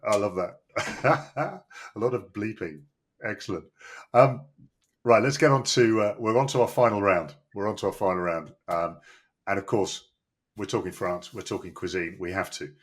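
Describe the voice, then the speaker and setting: A man's voice: on the low side, moderate pace. A man from the East Midlands hosting a casual quiz, upbeat and jokey as he poses questions. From East Midlands, England. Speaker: quiz host. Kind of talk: casual chat.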